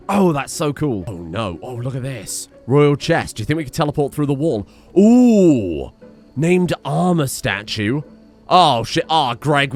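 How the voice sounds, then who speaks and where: A man hosting a let's play, narrating as he goes with excitable, jokey asides and frequent swearing, his voice strained from shouting. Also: fairly high pitch. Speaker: gaming channel host.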